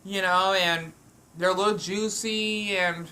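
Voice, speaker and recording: A woman's voice: medium pitch, fairly even intonation, unhurried, pushed and bright. A woman vlogging at home while she eats, talking in a meandering way with frequent restarts and fillers. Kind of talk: rambling eating vlog.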